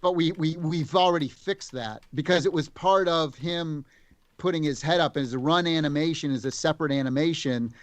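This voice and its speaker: A man, a game developer guest, telling stories in casual chat, animated and full of restarts. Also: fairly high pitch, normal speed, dry recording.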